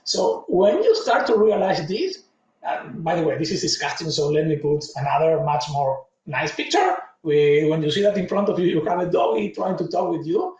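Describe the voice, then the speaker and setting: A man in his forties from Latin America gives an earnest, anecdotal conference talk full of personal stories, with non-native phrasing. His voice is fairly high, animated, and a little mellow at normal speed. The audio is dull and echoey, captured by a distant mic in a conference room.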